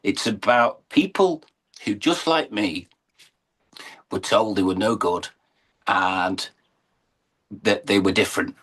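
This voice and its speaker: A man's voice: on the low side, slow pace, pauses often, fairly bright tone. A middle-aged English man, a horse and falcon showman, telling his story in an earnest, emotional interview. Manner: earnest, emotional, building to uplifting emphasis.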